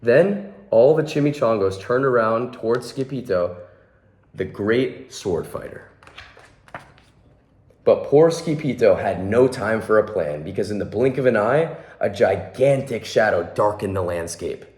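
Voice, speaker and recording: A man's voice: lowish voice, expressive, measured pace, a little mellow. A young man volunteering at a children's hospital, reading a picture book aloud and adding friendly asides about the pictures. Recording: echoey room.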